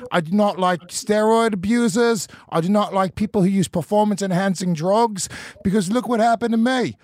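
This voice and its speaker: A man's voice: high-pitched, normal speed, a little mellow, dry recording, voice pushed up, natural voice. A man voicing a boastful, one-eyed British ex-fighter in a put-on Cockney accent, full of exaggerated self-pity. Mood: indignant bluster. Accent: put-on English Cockney. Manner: exaggerated, self-pitying bluster. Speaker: podcast co-host.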